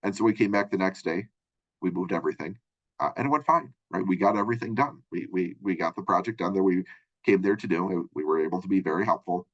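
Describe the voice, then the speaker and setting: A college lecturer with a deep, low-set male voice talks quickly through his lesson. He keeps it conversational and tosses in "right?" and "you know" as he goes. The recording sounds dull and lo-fi. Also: fairly bright tone. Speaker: college communication instructor. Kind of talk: recorded textbook chapter lecture. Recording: dull lo-fi audio.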